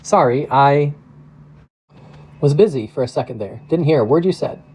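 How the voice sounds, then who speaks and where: Weary middle-aged man with a dry wit, read by the narrator, low-key and understated. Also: lively intonation, normal speed, darkish tone, poor audio. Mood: wry. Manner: wry, understated.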